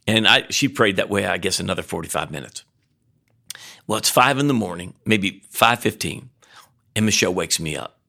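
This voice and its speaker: A man's voice: deep voice, animated, normal speed, creaky, sharp tone. A middle-aged male pastor preaching a sermon, telling a personal story with frequent restarts and emphatic peaks.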